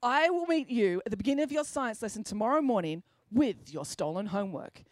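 A woman reading aloud plays a peculiar schoolgirl detective who explains things in a confident, matter-of-fact way with theatrical flourishes. Her voice is lively and a little high, recorded close and dry. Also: a little fast, no room sound, close to an everyday voice.

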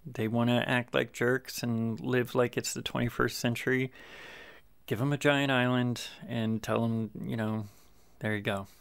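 Man, podcast host, gravelly, halting casual chat, lots of fillers. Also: medium pitch, level tone. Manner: halting, many fillers and restarts, chuckles. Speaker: podcast host and fiction writer. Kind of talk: casual rambling talk about his writing.

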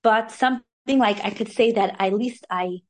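Woman, fairly high voice, animated, informal Torah talk, Hebrew terms mixed in. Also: normal speed. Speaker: Torah class speaker.

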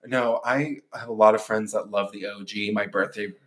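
A man's voice: fairly low pitch, fairly even intonation, normal speed, fairly bright tone. A man co-hosting a podcast in a playful, jokey way, laughing often. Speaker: podcast co-host. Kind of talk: casual podcast chat.

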